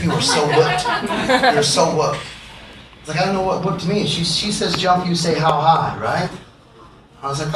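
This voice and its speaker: A man telling profane, joking stories to a concert audience between songs and acting out the people in them. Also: fairly high pitch. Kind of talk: storytelling to a live audience. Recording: roomy far-off live recording with crowd noise.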